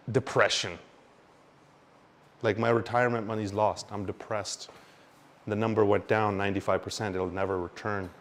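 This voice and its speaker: A man teaching about crypto market cycles in an animated, expressive way, swinging between loud and quiet and mimicking panicked investors. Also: lowish voice. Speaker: crypto educator. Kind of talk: explanatory talk to camera.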